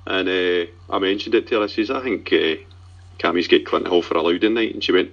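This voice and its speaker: A Scottish man chats as a guest on a football podcast in a dry, matter-of-fact way. His voice sits low and husky, and the dull, lo-fi remote line takes the top off it. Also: fairly quick, fairly bright tone. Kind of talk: casual football podcast chat.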